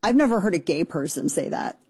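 A woman hosting a talk radio show, mocking and sarcastic in rapid-fire opinionated commentary. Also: fairly low pitch, very animated, darkish tone, husky, no room sound.

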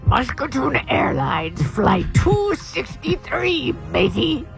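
Brash pirate stewardess with a put-on Irish accent, played by a woman, loud cabin announcements, gravelly and lively, music underneath. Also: high voice, slow, full character voice. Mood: loud announcing. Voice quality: growly pirate "arr" calls. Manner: announcing loudly over the cabin. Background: jaunty music.

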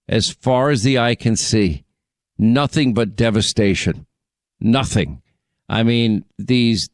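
A middle-aged male radio host with a smooth, resonant voice, recorded dry and close. He chats casually with callers, drifting into memories and teasing them. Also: medium pitch, no echo. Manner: chatty, reminiscing, teasing callers. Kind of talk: casual call-in chat.

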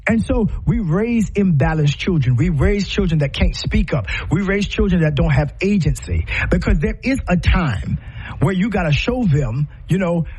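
A parenting speaker talks at normal speed in a high-pitched, animated voice that's a little mellow and slightly rough. His passionate, sermon-like delivery is packed with rhetorical questions and sharp rises and falls, and the audio is poor.

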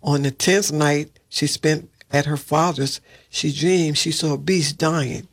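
A man reading a fairy tale aloud at a steady pace, with occasional slips and restarts. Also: fairly high pitch, takes it slowly. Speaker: reader. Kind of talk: storybook read-aloud.

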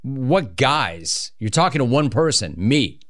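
A man hosting a call-in radio show, bantering and teasing callers in a joking, animated way. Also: mid-range voice, slow, dry recording, clean studio sound. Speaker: sports radio host.

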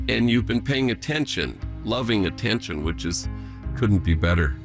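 A man's voice: lowish voice, lively intonation, moderate pace, music in the background. A man who is a priest, talking reflectively as an interview guest, telling earnest stories and mimicking other people's voices. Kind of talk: reflective conversational storytelling.

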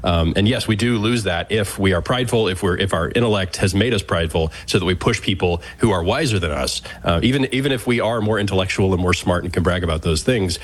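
A man with a very low voice thinks aloud in conversation. He speaks thoughtfully and haltingly, restarting his sentences as he works through an idea. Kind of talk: reflective conversation.

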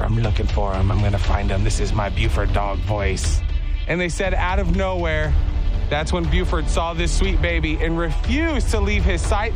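A man hosting a radio show, telling a news story in a casual, animated way and trying out playful voices. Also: high-pitched.

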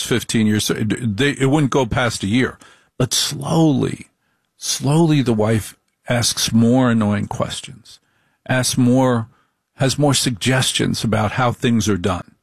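A middle-aged man giving a comic monologue in a deliberate, repetitive, wry way. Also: medium pitch, no room sound, studio quality.

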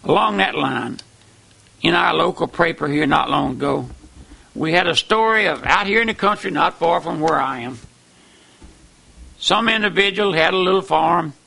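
High gravelly-voiced preacher man. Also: normal speed, pauses often. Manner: fervent, emphatic with wide swings in loudness. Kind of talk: sermon.

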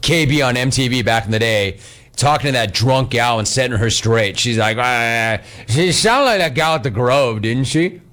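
A man hosting a talk show, telling stories fast and doing voices. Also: medium pitch. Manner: animated, fast, does voices. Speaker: radio talk show host. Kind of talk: casual storytelling and call-ins.

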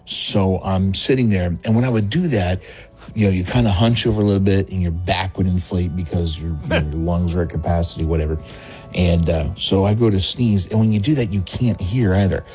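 A man's voice: low-pitched, brisk, warm tone, faint music behind, rough recording. A man from Texas, a comedian calling in to a radio show and telling a rambling funny story, laughing along as he goes. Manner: rambling, laughs through his own story. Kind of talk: phoned-in comic storytelling.

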